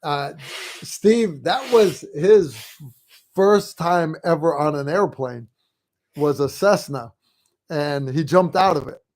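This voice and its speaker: A man hosting a livestream, chatting in a relaxed, rambling way. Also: a little high, takes it slowly. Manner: relaxed, rambling, many fillers. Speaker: host. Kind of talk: casual livestream chat.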